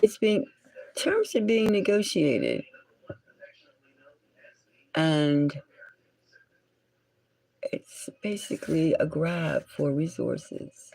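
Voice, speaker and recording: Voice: medium pitch, sing-song, very slow, gravelly, long pauses, darkish tone, husky, dry recording, low-quality recording. A tarot reader and channel host giving a solo reading in a musing way, often dropping into a whisper and stopping to correct words.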